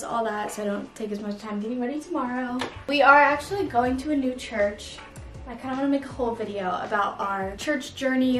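A woman in her twenties with a high voice chats casually to camera while cooking in her home kitchen for her vlog. The sound is roomy.

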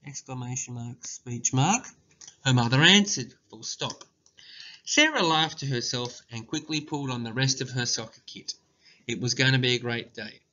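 A man, a primary school teacher giving a slow, deliberate dictation lesson and calling out the punctuation. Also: medium pitch, pushed and bright. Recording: dull lo-fi recording.

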